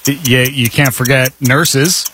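A man in casual comedy chat, answering in a deadpan, measured way. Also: mid-range voice, slight background noise.

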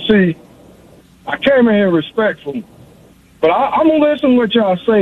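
Male caller, high voice, phone-line audio, rapid repetitive rant. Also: very animated, a little hiss or hum. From South Carolina. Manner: fast-talking, repetitive, addresses host by name constantly. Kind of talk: sports call-in rant.

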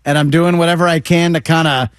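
A man with a somewhat high voice co-hosting a casual sports talk show, talking in a rambling way with stammered restarts and self-deprecating asides. His voice is close and dry, with no room sound. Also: steady tone, quick pace, no room sound.

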